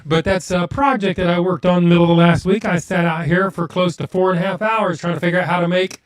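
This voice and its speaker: A man's voice: sits high, steady tone, brisk. A man hosting a live stream, chatting casually with viewers and muttering to himself while fixing his audio.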